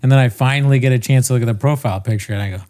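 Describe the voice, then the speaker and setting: A man's voice: medium pitch, very fast, darkish tone. A young man co-hosting a casual podcast, making laid-back, joking asides. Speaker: podcast co-host.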